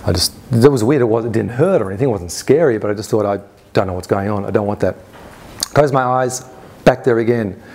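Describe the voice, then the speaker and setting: A man's voice: lowish voice, a little fast, a little mellow. A man speaking at a summit, earnestly recounting personal experiences in a conversational storytelling style, often restarting sentences and quoting his own thoughts. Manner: earnest, recounts events in present tense with inner quotes; frequent restarts and fillers, conversational. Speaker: conference speaker. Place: summit stage before an audience.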